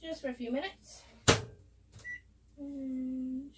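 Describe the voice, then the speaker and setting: A woman's voice: high-pitched, normal speed, very noisy. A woman talking casually through a cooking demonstration in her home kitchen, chatty and explaining each step as she goes. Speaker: cooking vlogger. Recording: voice a bit far from the mic.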